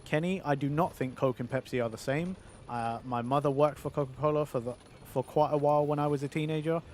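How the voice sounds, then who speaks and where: A man's voice: fairly high pitch, fairly even intonation, brisk, a little mellow, a little hiss or hum. A male streamer chatting casually on a livestream, reading viewer messages aloud and answering them.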